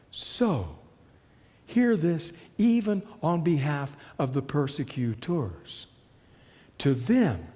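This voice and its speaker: A man preaching a sermon, moving from loud declaration to hushed emphasis. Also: on the high side, in a large hall. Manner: dramatic shifts between loud and hushed delivery.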